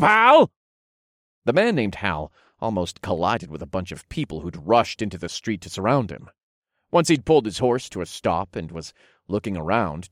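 A man's voice: sits low, dry recording, clean studio sound. A man narrating a first-person fantasy story and voicing its characters. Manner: expressive, commanding in dialogue.

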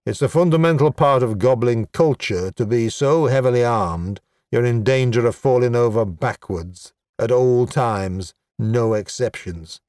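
A man's voice: medium pitch, darkish tone, no room sound, lightly acted. A man voicing a sly, scheming male goblin chieftain in a dry, sardonic, exasperated manner, recorded close and dry. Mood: wheedling.

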